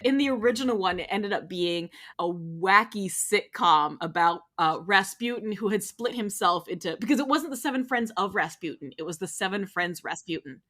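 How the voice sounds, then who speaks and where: A woman's voice: medium pitch, lively intonation, moderate pace, hardly any pauses, pushed and bright. A woman hosting a comedy podcast, chatting casually with lots of laughter and setting up a script reading. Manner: giggly, introduces cast and reads stage directions. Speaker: podcast host.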